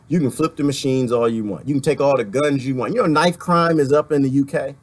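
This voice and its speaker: A man's voice: medium pitch, animated, a little fast, few pauses. A man from the Washington, D.C. area, ranting sarcastically in a livestream while reading viewer comments, laughing often between points.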